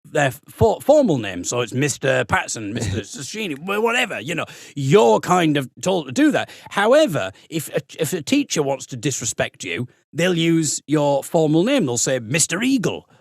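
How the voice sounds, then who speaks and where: A man from Middlesbrough, a comedian telling a funny story as a podcast guest, animated and self-mocking. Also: fairly high pitch, moderate pace, gravelly, hardly any pauses, no room sound, studio quality. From Middlesbrough, England. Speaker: comedian and folk singer, guest.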